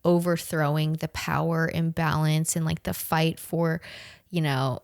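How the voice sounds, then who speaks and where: A young woman in her twenties from the southern United States, telling a story in a casual, animated, profane way, full of slang and "like". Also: deep voice, unhurried, vocal fry, dry recording, studio quality. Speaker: podcast host.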